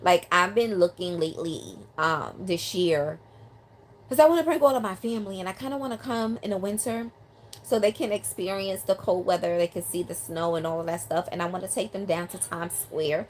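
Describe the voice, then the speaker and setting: An older woman from New York City, a line dance teacher who live streams from her home in South Carolina, chats casually and reads out viewer comments with lots of ums. Her voice is lowish and a little fast, picked up on a phone or handheld mic with slight background noise.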